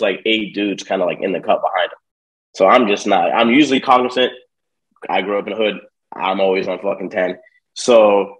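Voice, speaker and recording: Low in pitch and captured on a rough recording, a young man on a podcast relays a long story about his own life. He drops frequent swear words and plays out each person's part with animated, streetwise flair.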